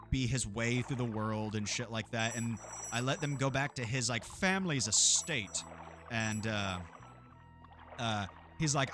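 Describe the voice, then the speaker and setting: Male streamer, mid-pitched, casual and sweary, faint game music behind. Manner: profane, rambling, laughs often. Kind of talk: casual gameplay chat.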